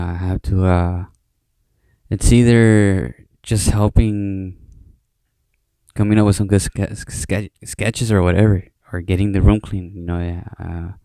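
A young man with a low, gravelly voice rambles through a late-night solo podcast. He swears freely and keeps circling back with "you know." His mellow, fairly flat delivery sounds close and dry. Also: no room sound. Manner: rambling, heavy swearing, many fillers. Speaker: podcast host. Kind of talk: casual solo monologue.

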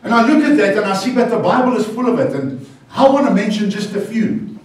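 A South African pastor preaching a lively, playful sermon and bantering with his congregation. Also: sits high, fairly quick. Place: church hall. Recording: very echoey church hall, far from the mic.

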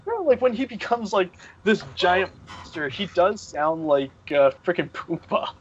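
A young man chatting casually on a podcast panel, excitable and quick to laugh. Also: slight background noise. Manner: excitable, laughing, jumps into high silly voices. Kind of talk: casual chat. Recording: dull lo-fi online call audio.

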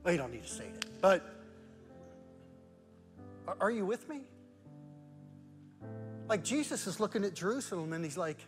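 A man preaching a sermon as pastor, moving between loud emphatic rhetorical questions and soft, hushed prayer. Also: sits high, very animated, moderate pace, pauses often, in a large hall, soft background music. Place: church sanctuary.

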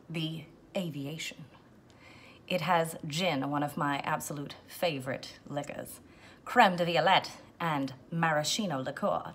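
Low-voiced woman hosting a cocktail show. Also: a bit bright. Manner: playful, slips into a put-on continental accent. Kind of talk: casual how-to chat.

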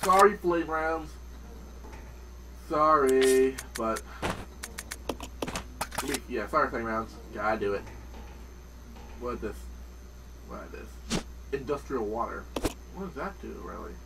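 A man giving casual let's-play commentary, excitable, swearing often and talking to the game characters. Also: medium pitch, slow pace, pauses often, recorded from a distance, background noise. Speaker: gameplay commentator.

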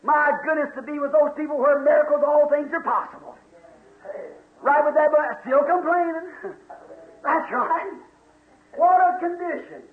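A man's voice: very high voice, normal speed, pauses often. A man preaching a fiery sermon in a church, folksy and full of exclamations. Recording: tinny echoey old church tape.

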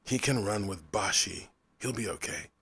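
Man reading calm commanding hunt leader, low husky voice, measured orders. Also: heavily acted.

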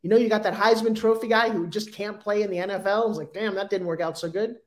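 Animated Long Island woman telling stories. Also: medium pitch, fast. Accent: Long Island New York. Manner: animated, acts out voices in her stories. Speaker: guest. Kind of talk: storytelling in an interview.

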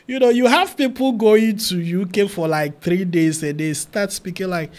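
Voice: medium pitch, sing-song, normal speed, hardly any pauses, a little mellow. An interviewer, asking questions in a playful, teasing way and mixing in pidgin phrases. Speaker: host, interviewer. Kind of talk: casual street interview.

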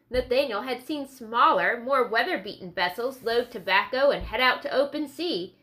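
A woman reads a historical novel aloud as an audiobook narrator. Her voice is bright and sits a little high, and she keeps a clear, steady storytelling pace. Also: normal speed, few pauses.

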